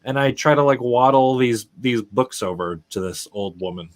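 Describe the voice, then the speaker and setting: Male player, average pitch, hesitant casual table talk. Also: normal speed. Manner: hesitant, self-amused. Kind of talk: tabletop role-play.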